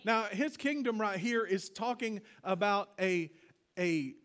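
High-voiced earnest male pastor preaching. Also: animated, a bit bright. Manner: earnest, halting, leads congregation call-and-response. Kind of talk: conversational sermon. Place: church sanctuary.

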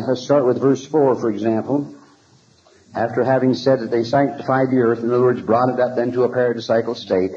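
Man lecturing a class on scripture, mellow, asks his listeners rhetorical questions, faint tape hiss. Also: medium pitch, muffled recording. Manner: halting, repeats words while thinking. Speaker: religious lecturer.

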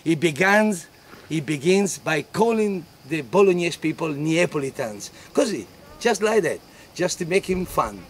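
A man introducing a story on stage in an expressive, emphatic way. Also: fairly high pitch, slight background noise. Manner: expressive, emphatic, dramatic pauses. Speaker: stage performer. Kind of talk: theatrical storytelling.

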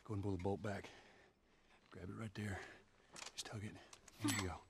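An actor playing a gruff, protective middle-aged male survivor in a video game, giving blunt orders. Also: lowish voice, level tone, normal speed, noisy background. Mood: instructing. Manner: blunt, commanding instructions.

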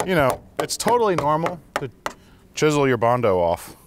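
A man's voice: on the high side, very animated, normal speed, very noisy. A man hosting a casual garage vlog, chatting and laughing as he works on a car. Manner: chatty, amused, laughs while working. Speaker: garage host.

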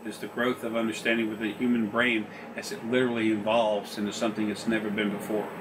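A man's voice: fairly low pitch, level tone, fast. Rambling, profane male storyteller. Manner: rambling, profane, laughs often, acts out quoted voices. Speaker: spiritual consultant telling anecdotes. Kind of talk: casual storytelling on a recorded consultation. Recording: distant mic with faint background noise.

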